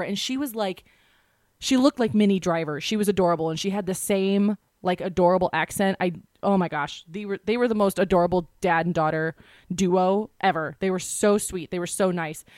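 A woman co-hosting a podcast, telling a story in a quick, animated way and acting out the quotes. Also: medium pitch, no echo, clean studio sound. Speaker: podcast co-host. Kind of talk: casual storytelling chat.

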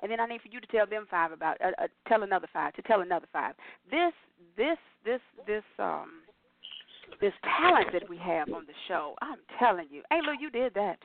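A woman hosting a casual radio sports chat, animated and laughing, often repeating words as she hypes the show. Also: mid-range voice, brisk. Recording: tinny phone-line sound with faint music.

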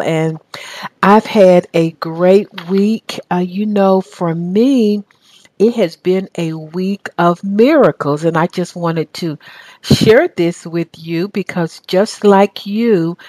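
A woman's voice: on the low side, a little mellow, dry recording. A woman with a Southern US accent hosting a radio talk show, speaking with enthusiastic, faith-filled conviction.

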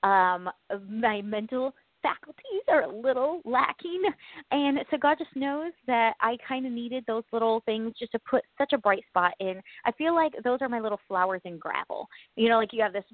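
Co-host, woman: bubbly and rambling, a bit high, worn out, heard over a dry tinny phone line. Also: expressive, moderate pace, dry recording. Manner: bubbly, laughs often, rambling. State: stressed and exhausted. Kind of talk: casual chat.

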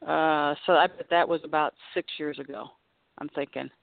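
A woman's voice: deep voice, steady tone, normal speed, gravelly, dry recording. A woman in her fifties, a guest golf pro, chatting casually and laughing often during a phone-in radio interview. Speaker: guest professional golfer. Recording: tinny dry phone line.

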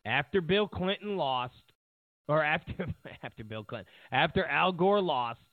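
A man rants through an opinionated political monologue, sarcastic and mocking. His higher voice swings widely in pitch. The sound is dry and narrow, like a phone line. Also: expressive, a little slow, no echo. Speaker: political commentator.

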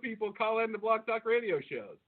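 A man co-hosting a podcast in excitable, profane casual banter, laughing often. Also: sits high, brisk. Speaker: podcast co-host. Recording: phone-like lo-fi audio.

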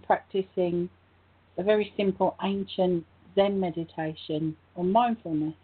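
Husky woman on a tinny line. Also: medium pitch. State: croaky voice. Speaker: co-host. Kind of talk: spiritual talk show chat.

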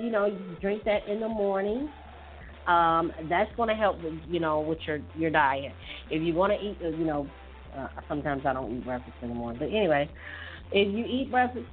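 A woman hosting a casual tips show, chatting loosely with many fillers and restarts. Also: fairly low pitch. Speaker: host giving health tips. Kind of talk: casual chat. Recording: tinny phone-like audio with faint music.

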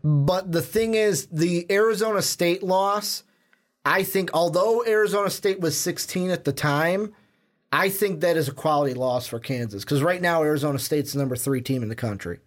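Joking, chatty young man with a higher voice. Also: moderate pace. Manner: animated, jokey, talks over his partner. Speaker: podcast co-host. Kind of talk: casual sports podcast chat.

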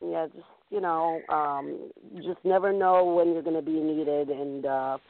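A woman's voice: low voice, fairly even intonation, unhurried, vocal fry. A woman hosting a call-in talk show, chatting casually and filling her talk with "you know"s and "um"s. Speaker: host. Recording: tinny phone line, dry.

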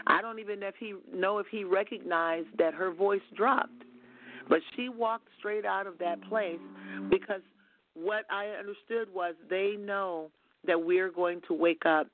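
A woman minister, a guest on a call-in radio show, telling an earnest testimony with frequent restarts. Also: on the low side. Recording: tinny phone line, dry.

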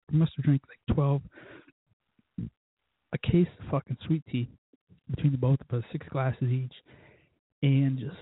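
A man's voice: medium pitch, husky, no echo, narrow, tinny audio. A man hosting a show, telling a first-date story in a rambling, profane, self-mocking way. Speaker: podcast host. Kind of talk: casual storytelling monologue.

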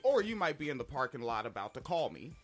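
A man co-hosting a podcast, telling a story in a casual, profane, animated way. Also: mid-range voice, fast, soft background music. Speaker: podcast co-host. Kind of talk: casual chat.

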